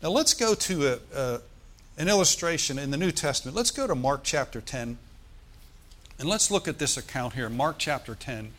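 A male pastor delivers a lively sermon, calling out to his congregation for responses. He swings from loud, rising bursts to quiet, low asides, and his voice sits at an ordinary pitch for a man. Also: normal speed. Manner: energetic preaching, calls for congregation response, swings between loud and soft.

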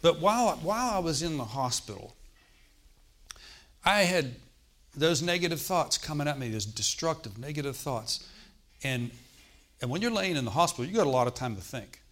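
A man with a fairly high, very animated voice and a fairly bright tone preaches at normal speed. His sermon is a conversational personal testimony, punctuated by frequent "Okay?" check-ins with the congregation.

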